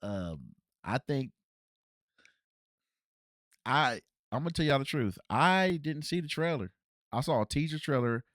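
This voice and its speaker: A man talks through a movie review in a loose, rambling way, full of restarts and fillers. His voice sits at a middle pitch and swings up when something confuses him. The sound is dry and close, with no room around it. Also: expressive, unhurried, pauses often, fairly bright tone, no room sound. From Cincinnati, US. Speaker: podcast host reviewing a movie. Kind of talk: casual solo movie review.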